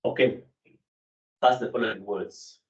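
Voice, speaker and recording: With a lowish, steady voice and a slightly slow delivery, a Greek lecturer explains grammar to his class one step at a time, using fillers and correcting himself along the way. The classroom recording is echoey, distant and muffled.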